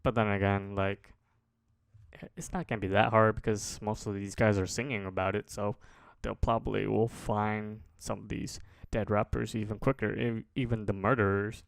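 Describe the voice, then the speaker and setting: A man casually commenting as host of a reaction video, rambling and pausing to remark on what he watches. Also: fairly low pitch, creaky, clear, resonant tone, no room sound, clean studio sound. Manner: relaxed, rambling, pauses to comment.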